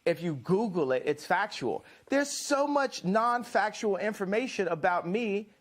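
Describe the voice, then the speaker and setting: A man's voice: high voice, animated, a little slow. Insistent American man talking over an interviewer. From United States. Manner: insistent, rambling, talks over the host. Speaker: interview guest. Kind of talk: combative interview talk.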